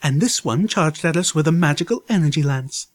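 A man voicing a stern, refined young mare medic with a crisp delivery. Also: a little high, animated, a little fast, voice pushed up.

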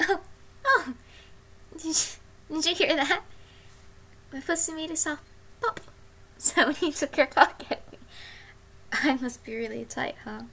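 A young woman with a high, bright voice performs an intimate audio role-play. She speaks slowly and breathily and often slips into soft whispers.

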